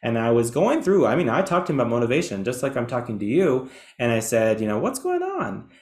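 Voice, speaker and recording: A man's voice: mid-range voice, animated, quick pace, darkish tone, reverberant. A man presenting an educational webinar in a chatty, enthusiastic way, with some self-deprecating asides. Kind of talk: webinar lecture.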